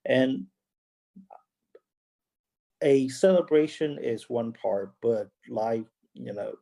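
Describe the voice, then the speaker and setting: Gravelly dark-voiced man. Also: mid-range voice. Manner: earnest, halting, with restarts. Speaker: panel guest. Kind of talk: casual panel discussion.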